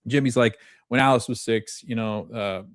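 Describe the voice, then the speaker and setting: A man's voice: medium pitch, normal speed, no room sound, studio quality. A man in his thirties hosting a podcast, recapping a TV episode in a chatty way, quoting scenes and laughing often. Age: 30s. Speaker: podcast host.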